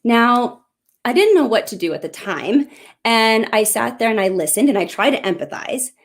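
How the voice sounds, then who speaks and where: A woman's voice: a little high, very animated, normal speed. A middle-aged woman hosting a live parenting question-and-answer talk, speaking earnestly and encouragingly straight to parents. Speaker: parenting coach and show host.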